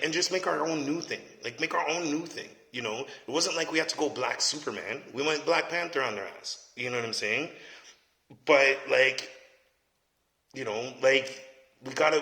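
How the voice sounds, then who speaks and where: A man vents his opinions bluntly and profanely, checking in with "you know what I mean?" His voice sits somewhat high, with a gravelly edge and a sharp, bright tone. The recording rings with echo and a long reverb tail. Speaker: commentator. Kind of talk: casual opinion rant. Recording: echoey space with long reverb.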